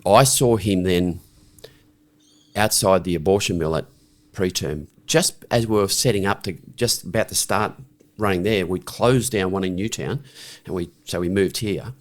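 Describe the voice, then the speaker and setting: A middle-aged Australian man, a guest on a podcast, tells a story in a low voice at a moderate pace. He's frank and blunt, restarts his sentences, and keeps asking "right?" as he goes in this conversational storytelling.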